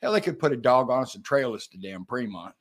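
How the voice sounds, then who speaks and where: A man's voice: medium pitch, lively intonation, fast. An older man chiming in on a shared hunting story in casual chat, folksy and rural, laughing and cursing freely.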